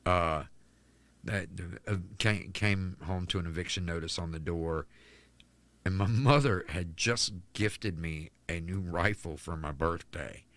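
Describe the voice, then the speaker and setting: Deep-voiced man telling a raw story. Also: fairly bright tone. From North Carolina, United States. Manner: halting, frequent restarts and "like" fillers. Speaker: podcast guest. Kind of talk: candid personal storytelling.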